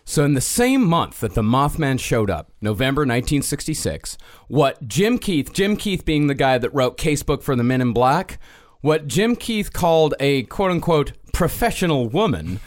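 A man co-hosting a podcast, reading out a paranormal story to his friends in a measured storytelling way. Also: a little high, big pitch swings. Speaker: podcast co-host.

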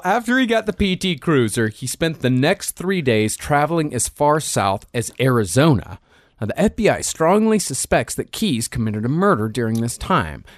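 A man's voice: mid-range voice, dry recording, clean studio sound. A man hosting a podcast, narrating a true crime case from his notes with wry asides.

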